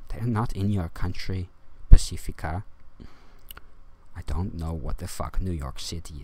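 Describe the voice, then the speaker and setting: A man rambling in a monologue to his viewers, ranting and swinging from loud to quiet. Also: low voice, a little slow. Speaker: vlogger.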